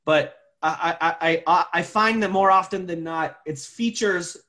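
A man with a slightly raised pitch talks through a professional topic on a video call. He speaks earnestly, stumbling and repeating words as he gathers his thoughts. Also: unhurried, sharp tone. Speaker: co-host presenter. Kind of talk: professional webinar discussion.

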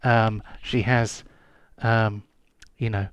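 A man narrating as game master of a tabletop game, hesitant with many pauses and ums. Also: fairly low pitch, little pitch movement, clean tone, no room sound, lo-fi sound.

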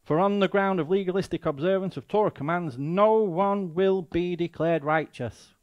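Mancunian male guest preacher, fairly high voice, emphatic, rhetorical questions. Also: normal speed, muffled recording. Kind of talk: sermon.

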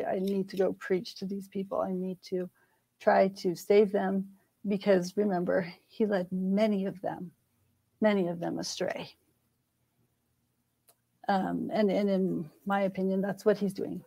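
A woman's voice: medium pitch, vocal fry, mellow, rough recording. A middle-aged woman scholar, a guest in a conversational interview, speaking thoughtfully and earnestly. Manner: thoughtful, earnest, frequent restarts.

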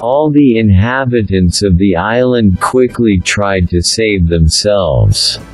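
A man narrating a fable in a slow, deliberate storybook reading. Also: lowish voice, poor audio. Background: faint instrumental music.

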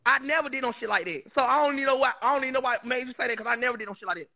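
High, fast man swearing he's innocent. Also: vocal fry, pushed and bright. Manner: insistent, swearing oaths, defensive. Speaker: live stream guest. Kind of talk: heated livestream argument.

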